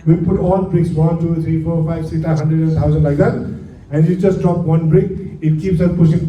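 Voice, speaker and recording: A man giving an aviation lecture to a class, lively and full of rhetorical questions. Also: on the high side, moderate pace, muffled recording. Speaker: aviation instructor. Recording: echoey room from far off, faint hum.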